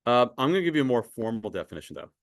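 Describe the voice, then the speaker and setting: A very animated man with a mid-range voice rattles off a math lecture rapid-fire, questioning students and repeating words often. The clean studio recording has no room sound.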